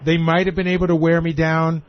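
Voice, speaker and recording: A man's voice: on the high side, flat delivery, brisk, a little hiss or hum. Rambling man on lo-fi radio. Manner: rambling, self-correcting, laughs often. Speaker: radio show regular. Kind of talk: casual radio talk. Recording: dull lo-fi radio broadcast.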